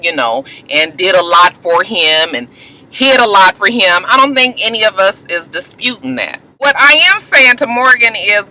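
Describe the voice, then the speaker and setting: A woman's voice: mid-range voice, animated, normal speed, noisy background. A woman recapping a reality TV reunion in a casual gossip vlog, blunt, profane and exasperated.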